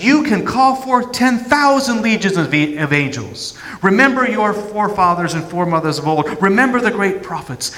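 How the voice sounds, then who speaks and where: A pastor voicing a heroic inner voice, loud and stirring, in a reverberant church. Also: male voice, high voice, pitched above the performer's own voice. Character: inner hero voice, booming rallying cry.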